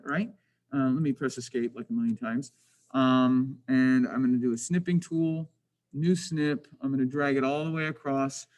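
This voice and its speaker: A man's voice: a little high, poor audio. A man teaching a screen-recorded drafting lesson, thinking aloud with lots of restarts, self-questions and grumbling asides. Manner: frustrated, self-deprecating asides.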